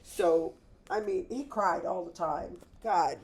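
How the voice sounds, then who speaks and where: Brief: middle-aged woman, low-pitched, blunt and candid, casual guest chat. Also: slow, husky. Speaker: podcast guest.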